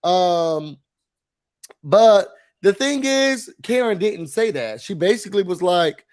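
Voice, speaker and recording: A man chats through a reality-show recap. He sounds nasal from a cold and livens things up by acting out quotes, sometimes with big shouts. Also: high-pitched, expressive, takes it slowly. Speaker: podcast co-host. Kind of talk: casual recap chat.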